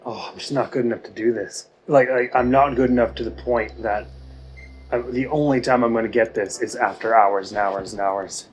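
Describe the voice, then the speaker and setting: A man's voice: medium pitch, fairly even intonation, moderate pace, pauses often, slight background noise. Rambling, self-mocking man narrating gameplay. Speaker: let's play host. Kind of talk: casual gameplay commentary.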